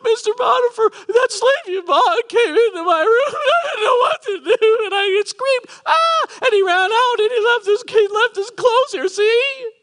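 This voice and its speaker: A man voicing a melodramatic older woman, wailing a false accusation in a shrill falsetto between sobs and laughs. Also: moderate pace, hardly any pauses, a bit bright.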